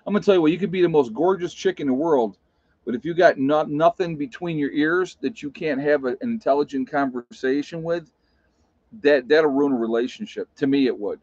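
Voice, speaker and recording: A man's voice: on the high side, a little fast, darkish tone, dry recording. A man hosting a casual live stream, talking bluntly and telling stories to his chat. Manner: blunt, plain-spoken storyteller. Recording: dull lo-fi sound.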